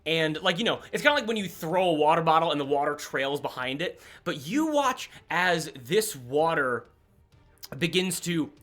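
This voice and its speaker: Animated high-voiced game master. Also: male voice, normal speed. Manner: rambling, restarts, animated narration. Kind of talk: narrating a tabletop game.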